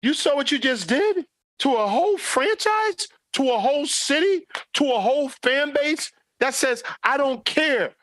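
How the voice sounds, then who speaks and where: A man co-hosting a sports talk podcast, ranting in an animated way and mocking players in put-on quoted voices. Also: extremely high pitch, normal speed, dry recording. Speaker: podcast co-host.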